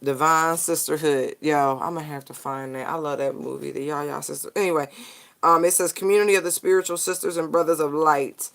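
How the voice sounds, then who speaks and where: A person giving a casual tarot card reading straight to viewers, animated, slangy and profane. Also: mid-range voice, fairly quick, vocal fry.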